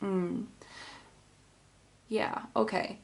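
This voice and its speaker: Slow, dreamy woman. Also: mid-range voice, fairly even intonation, gravelly. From Finland. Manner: dreamy, rambling, with sighs. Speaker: tarot reader. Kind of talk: casual tarot reading.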